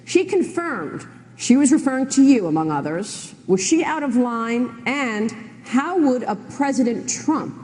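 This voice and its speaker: A woman moderating a debate, putting questions to a candidate in a crisp, deliberate way. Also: a little high, lively intonation, a little mellow.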